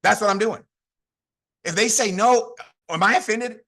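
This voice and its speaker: Fired-up man with a high, bright voice. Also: normal speed. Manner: fired-up, repetitive, call-and-response. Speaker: network marketing leader. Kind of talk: motivational training talk.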